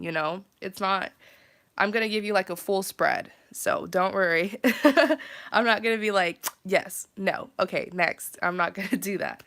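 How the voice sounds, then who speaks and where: A woman hosts a casual tarot live stream, sounding nasal and congested from travel, though her voice is smooth, medium in pitch, and fairly bright. She's chatty, uses lots of fillers, and laughs often.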